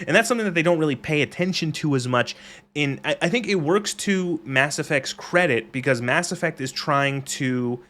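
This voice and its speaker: A man's voice: medium pitch, a bit bright. A man streaming a game live, ranting casually with frequent swearing and reading chat aloud. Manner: rambling, profane, reads chat aloud.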